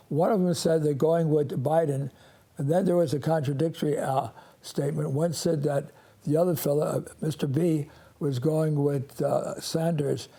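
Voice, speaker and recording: A man in his eighties, a priest hosting a call-in show, telling stories in a halting, rambling way with many restarts and chuckles. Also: on the high side, warm tone. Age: 80s.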